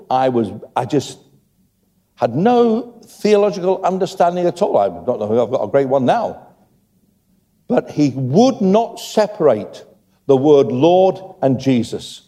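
Older guy preaching in a big echoey church, mellow, kind of high voice, joking asides. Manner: chatty, joking asides to the congregation. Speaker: pastor. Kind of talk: sermon. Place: church hall. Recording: long church hall reverb.

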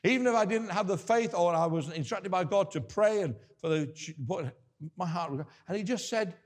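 A man's voice: high-pitched, lively intonation, moderate pace. An older man preaching a sermon, earnest and conversational, often restarting his sentences.

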